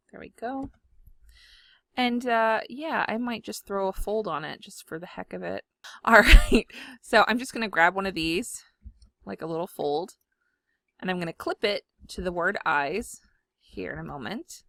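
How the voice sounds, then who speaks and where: A woman, chatting casually from home while she demonstrates design software, giggly and self-deprecating. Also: fairly low pitch, creaky, no echo, studio quality. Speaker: scrapbooking video host. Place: home room.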